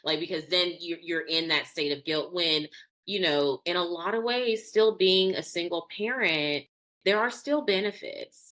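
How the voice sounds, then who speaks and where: A woman's voice: fairly low pitch, a little slow, fairly bright tone. A woman podcast host in casual conversation, affirming her guest with emphatic agreement.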